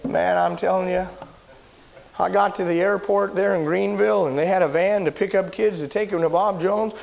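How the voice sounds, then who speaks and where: High-voiced preacher telling stories. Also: male voice, moderate pace, vocal fry. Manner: animated storyteller, shouts at high points, drops low and quiet when somber. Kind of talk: sermon storytelling.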